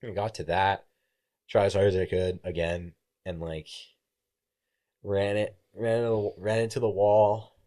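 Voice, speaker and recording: A young man with a very low, mellow voice, spinning a casual story on a podcast. He acts out other people's lines as he goes and swears freely. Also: little pitch movement, normal speed. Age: young adult. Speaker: podcast guest, college baseball player.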